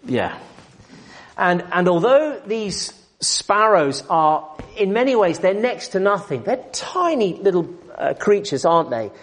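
A man's voice: sits high, sing-song, measured pace. A man preaching an expository sermon, emphatic and full of rhetorical questions, building up and dropping back in volume.

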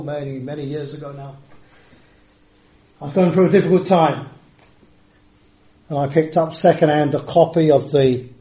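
An older man preaches emphatically, stretching words slowly and then speeding up. His voice is mellow and dark but sits fairly high. The sound carries a roomy echo, as in a church hall. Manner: emphatic, varies pace and volume, drawn-out words. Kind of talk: sermon. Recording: echoey hall.

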